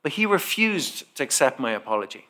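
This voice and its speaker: Bright-voiced preacher telling a story. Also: male voice, medium pitch, fairly quick. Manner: animated storyteller who acts out the dialogue. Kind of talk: sermon storytelling.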